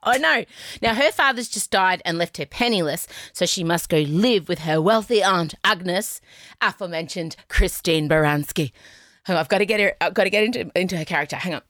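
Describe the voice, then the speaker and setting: A woman's voice: fairly low pitch, fairly quick, fairly bright tone, no room sound, clean studio sound. A woman co-hosting a podcast over a video call, playful and giggly, keen to try impressions. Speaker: podcast co-host. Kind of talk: casual chat.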